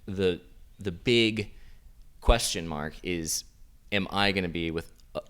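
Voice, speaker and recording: A man's voice: low-pitched, takes it slowly, a bit bright, smooth. A man hosting a podcast, telling loose, rambling stories in casual chat. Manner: rambling, loose storyteller full of fillers. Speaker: podcast host.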